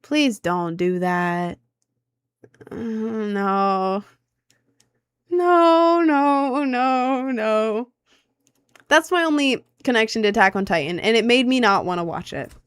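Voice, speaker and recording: A woman's voice: medium pitch, expressive, unhurried, fairly bright tone, clear, resonant tone, dry recording, clean studio sound. A woman in her twenties, streaming and chatting with her viewers, rambling and self-conscious with lots of filler words. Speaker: streamer answering chat. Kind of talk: casual chat.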